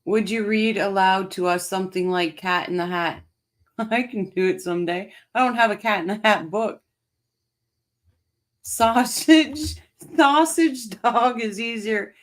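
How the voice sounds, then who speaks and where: A woman hosting a casual livestream, laughing and chatting with viewers in the chat. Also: mid-range voice. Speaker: livestream host reading chat.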